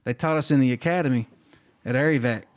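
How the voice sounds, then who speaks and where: Animated man telling a story. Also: mid-range voice, fast, smooth. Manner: animated, acts out quoted dialogue. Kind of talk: casual storytelling.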